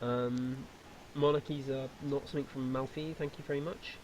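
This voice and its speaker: A man's voice: mid-range voice, level tone, normal speed, darkish tone, slight background noise. A man running a tabletop role-playing game, explaining lore in a rambling way with lots of fillers. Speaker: game master.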